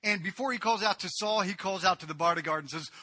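Bright, high-voiced male preacher. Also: fast talker, breathy edge. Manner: lively storytelling with asides and laughs. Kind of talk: sermon retelling a Bible story.

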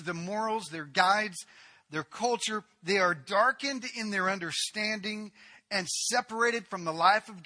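A man preaching a sermon with passion, building to loud emphatic peaks with repeated lists, then dropping quiet. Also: high voice. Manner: impassioned preaching, swinging between loud emphatic build-ups and quiet drops; repetitive rhetorical lists. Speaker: pastor.

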